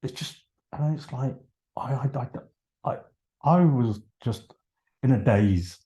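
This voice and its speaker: A man telling a story on a podcast over a video call, animated, acting out his own dialogue and trailing off. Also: mid-range voice, slow pace. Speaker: podcast guest. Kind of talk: casual storytelling.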